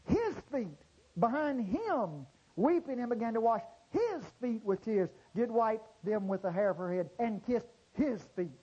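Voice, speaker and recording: A man preaching a sermon to a congregation, swinging from low murmurs to loud exclamations and drawing out key words. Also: big pitch swings, husky, dull audio. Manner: drawn-out stressed words. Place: church service before a congregation.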